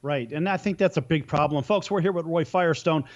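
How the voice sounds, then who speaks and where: A man hosting a talk show interview, chatty and expressive. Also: fairly high pitch, fairly quick, lo-fi sound. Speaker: host.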